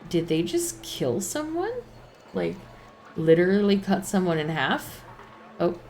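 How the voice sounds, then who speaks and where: A woman's voice: on the low side, very animated, unhurried, darkish tone, a little hiss or hum. A woman streaming a video game, talking casually and swearing as she reads. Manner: casual, swearing, reading game text aloud. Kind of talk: gaming stream.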